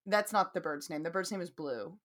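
A woman's voice: lowish voice, fairly quick, a bit bright. A woman with a Southern accent, co-hosting a podcast in rambling, chatty conversation. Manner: rambling, chatty, laughs easily. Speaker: podcast co-host. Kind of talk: casual chat.

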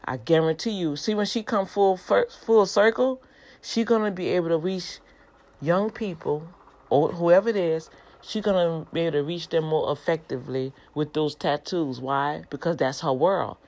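Middle-aged woman, deep voice, informal animated preacher. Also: moderate pace. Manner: conversational, animated, addresses listeners as y'all.

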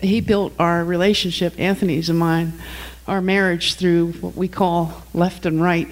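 A woman's voice: fairly low pitch, flat delivery, a little slow, poor audio. A woman, the preacher's wife, giving an earnest, emotional testimony during the sermon and sometimes breaking off mid-phrase.

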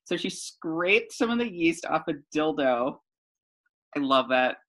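A woman's voice: sits low, lively intonation, measured pace, a bit bright. A woman co-hosting a podcast in casual chat, playful and giggly, reading out odd news items. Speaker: podcast co-host.

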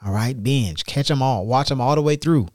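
A man co-hosting a podcast with his wife, relaxed and playful as he wraps up the episode. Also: medium pitch, dry recording, studio quality. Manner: laid-back, playful, drawn-out sign-off. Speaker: podcast co-host. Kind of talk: casual podcast chat.

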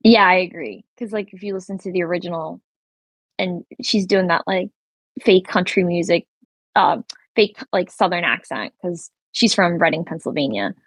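A woman's voice: on the low side, normal speed, no room sound. A woman co-hosting a podcast in casual chat, gushing and rambling with many fillers. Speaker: podcast co-host.

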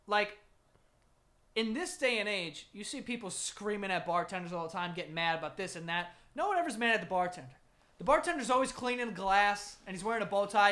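A man co-hosting a comedy podcast, riffing in animated, laughing, crude banter. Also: sits high. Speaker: podcast co-host.

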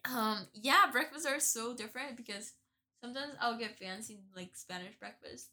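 A woman's voice: on the high side, moderate pace, bright, forceful tone. A woman chatting in an easygoing, casual way. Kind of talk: casual chat.

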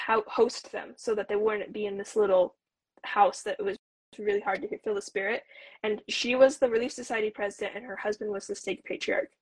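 A woman's voice: medium pitch, dry recording, low-quality recording. A woman in her twenties, a returned missionary, earnestly telling a personal story as an interview guest, with lots of "like" fillers. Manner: earnest, talks with frequent "like" fillers.

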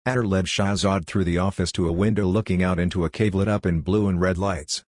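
A man narrating a science-fiction story in plain, even scripted narration. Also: deep voice, fairly quick, dry recording, clean studio sound.

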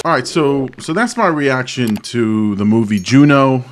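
A man's voice: medium pitch, expressive, measured pace, few pauses, slight background noise. A man hosting a movie reaction channel, giving a casual spoken review. He thinks aloud, searches for words, circles back on himself and speaks openly about his feelings.

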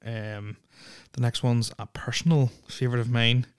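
A man's voice: medium pitch, little pitch movement, normal speed, smooth, dry recording. A young Irish man hosting a casual podcast, rambling and swearing constantly, with lots of filler words on a close mic. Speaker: podcast host.

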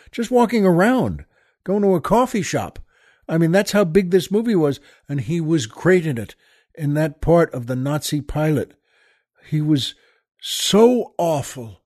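A man hosting a podcast, casually retelling a film scene at a leisurely pace and dropping into hushed pauses. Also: a little high, no room sound, studio quality. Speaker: podcast host. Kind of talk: casual storytelling monologue.

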